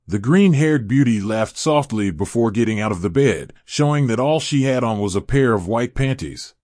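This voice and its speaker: A man reading fan fiction aloud in a steady storytelling manner. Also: mid-range voice, moderate pace, few pauses, no echo, clean studio sound. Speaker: narrator.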